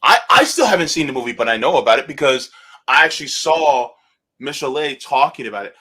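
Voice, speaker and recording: A man co-hosting a casual chat show, animated and laughing often. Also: medium pitch, brisk, husky. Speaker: co-host.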